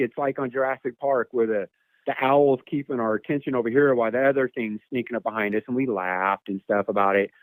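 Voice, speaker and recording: Calling in on a dry, tinny phone connection, a man with a medium-pitched voice recounts an encounter at length. His telling wanders casually, with repeated words and his own imitations of animal calls.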